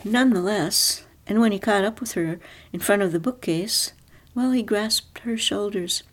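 A woman narrating a literary story aloud in a measured, even reading. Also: mid-range voice. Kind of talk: audiobook reading.

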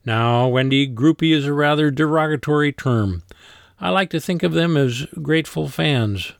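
Man reading as a raspy polka band front man. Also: on the high side, normal speed, no room sound, studio quality, pitched above the performer's own voice. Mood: wry. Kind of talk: audiobook character voice.

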